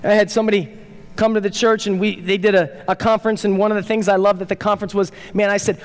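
Male pastor, high-pitched, preaching with urgent emphasis and sudden quiet asides; reverberant church room. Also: steady tone, fast talker. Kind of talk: sermon. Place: church sanctuary.

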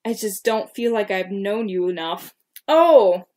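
A woman's voice: medium pitch, expressive, unhurried, dark tone. A woman co-hosting a podcast, casually reading her old fan fiction aloud and stopping to comment on her own writing. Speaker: podcast co-host.

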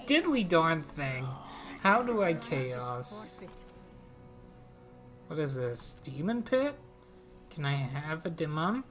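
A woman's voice: low voice, very animated, slow, long pauses, faint music behind. A woman streamer giving casual, playful commentary as she plays a strategy game, talking to her units and laughing.

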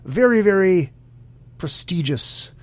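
A man's voice: sits high, lively intonation, slow, darkish tone, no echo. A man hosting a casual solo podcast, rambling in a crude, jokey way and reading listener comments aloud. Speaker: podcast host.

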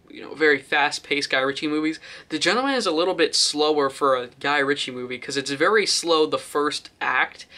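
A young man talks through a film review in a loose, rambling way, full of fillers and restarts. His voice is bright and sits at a middle pitch. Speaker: movie reviewer. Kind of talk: casual vlog review.

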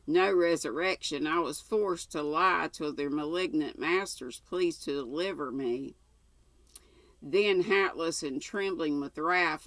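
A woman's voice: sits low, fairly bright tone, dry recording. An older woman reads a classic novel aloud in a plain, homely way, stumbling now and then and going back over words. Her voice is close to the mic in a dry, dead room. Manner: plain reading with occasional stumbles. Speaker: audiobook reader.

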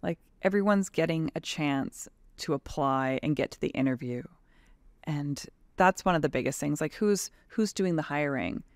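A woman's voice: low-pitched, normal speed, no echo. A woman in her thirties from Canada, a tradeswoman talking frankly and animatedly as a podcast guest, with lots of "like" in her speech. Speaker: guest, tradeswoman and advocacy leader. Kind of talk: casual podcast conversation.

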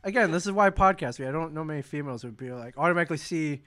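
A man's voice: on the high side, animated, rapid-fire, a bit bright. Joking, rambling man podcast co-host. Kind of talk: casual chat.

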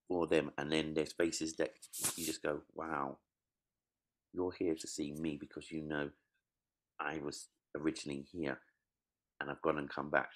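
Very deep-voiced comedian. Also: male voice. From East London. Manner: animated storytelling, acts out quotes. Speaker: comedian, interview guest. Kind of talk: casual interview.

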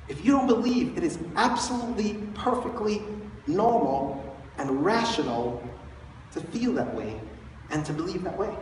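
A man preaching a sermon as pastor, telling the story in an animated, chatty way and chuckling often. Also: high-pitched, moderate pace, a little hiss or hum. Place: church sanctuary. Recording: echoey hall, far from the mic.

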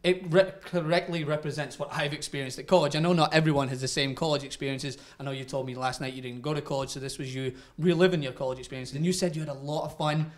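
Fast talking guy interviewer, kinda high voice, joking around, hyping a show. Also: steady tone. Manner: playful, joking, promotional. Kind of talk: entertainment interview.

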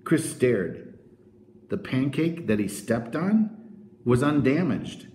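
A man narrates a children's novel with expressive storytelling. His pitch is lively and varied, and the recording has a noticeable roomy echo. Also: slow, a little hiss or hum. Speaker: audiobook narrator.

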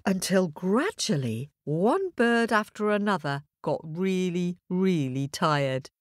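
A storyteller narrates a children's fable slowly, her voice on the low side and animated, rising and falling a lot as she plays to the young listeners. The sound is dry and close, with no echo.

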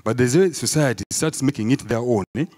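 A man with a Ugandan English accent doing a stand-up comedy set, telling animated stories and asking the crowd "eh?". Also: mid-range voice, fast talker. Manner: animated storytelling, acts out crowd voices, peppered with "eh?". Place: live comedy show before an audience.

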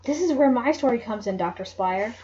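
A woman voicing an eager young girl detective who speaks quickly and keenly, on a dull lo-fi home mic. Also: on the high side, expressive, dark tone, natural voice.

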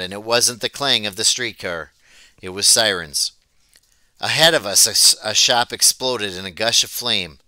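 Guy reading a storybook aloud, super bright sharp tone, crisp, dry close sound. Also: mid-range voice, no room sound. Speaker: audiobook reader. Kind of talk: storybook read-aloud narration.

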